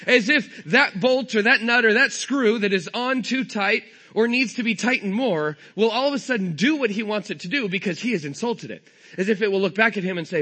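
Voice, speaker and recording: Bright-voiced storytelling pastor, a man. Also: high voice, animated, fairly quick, breathy edge. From California. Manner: storytelling, self-deprecating humor. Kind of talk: sermon.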